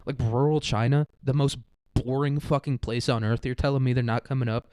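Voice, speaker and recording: A man hosts a podcast, riffing in a loose comedic monologue full of slang and swearing. He laughs often and keeps an easy middle pitch. He is recorded close on the mic in a dry room. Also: fairly even intonation, fairly quick, a little mellow, clear, resonant tone, no echo. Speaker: podcast host. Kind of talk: casual rambling comedic monologue.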